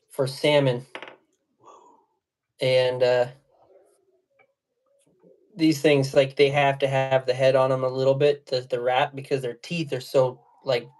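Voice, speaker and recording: A man's voice: medium pitch, darkish tone. Rambling slangy man telling fishing stories. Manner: rambling storyteller, laughs while telling stories; loose slangy speech with many fillers. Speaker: fly and jig tier on a livestream. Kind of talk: casual livestream chat.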